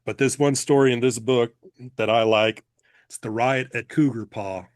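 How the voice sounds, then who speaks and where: A man retelling a funny story in casual chat, laughing often and stopping to clear his throat. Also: medium pitch, steady tone, normal speed.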